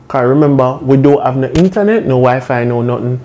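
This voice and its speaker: A young man with a Jamaican accent telling a comic storytime, animated and laughing as he goes. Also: mid-range voice, brisk, slight background noise. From Caribbean. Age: young adult. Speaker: vlogger.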